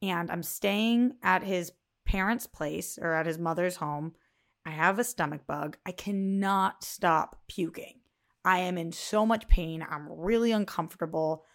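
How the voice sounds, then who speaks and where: Woman podcast cohost, lowish voice, earnest storytelling, casual chat. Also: unhurried. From Boston. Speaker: podcast co-host.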